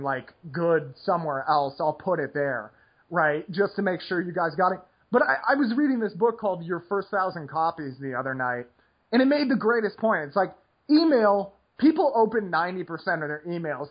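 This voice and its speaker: A man's voice: a little high, slightly rough, highs cut off. A man hosting a poker podcast, rambling casually with lots of "like" and restarts. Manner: rambling, heavy use of "like" and restarts.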